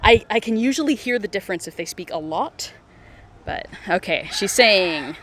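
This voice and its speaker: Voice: mid-range voice, expressive, fairly quick, a bit bright, slight background noise. A streamer chatting casually while playing a mobile game live, walking outdoors through city streets with a phone. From United States. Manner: chatty, giggles often, many fillers.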